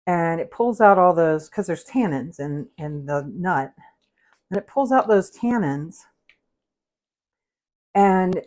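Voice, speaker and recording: A woman's voice: on the low side, lively intonation, slow, long pauses, darkish tone. A woman hosting a casual cooking livestream from a home kitchen, chatty and rambling, with easy laughs and side stories as she talks through a recipe. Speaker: cooking show host.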